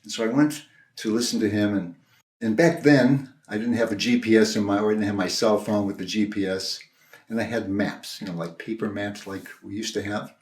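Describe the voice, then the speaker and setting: An older man, a minister, telling a personal story in a sermon, in a gentle, conversational, halting way with many restarts. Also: fairly low pitch, fairly even intonation. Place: church sanctuary. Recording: roomy echo.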